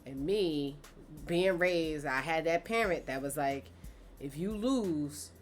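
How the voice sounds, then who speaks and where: A woman in casual chat who reacts with lots of laughter and lively remarks. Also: deep voice, takes it slowly, faint music behind.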